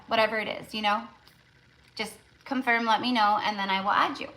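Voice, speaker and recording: A woman hosts a tarot live stream in a casual, chatty way. She repeats herself for emphasis and fills her talk with "like" and "you know". Her voice is bright and forceful and sits a little high. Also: steady tone, brisk, poor audio.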